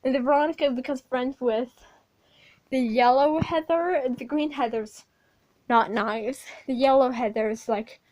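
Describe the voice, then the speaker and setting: A woman's voice: high-pitched, a little slow, darkish tone, lo-fi sound. A woman rambling through an informal plot recap for a speedpaint video, swearing now and then and using many fillers. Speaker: video creator.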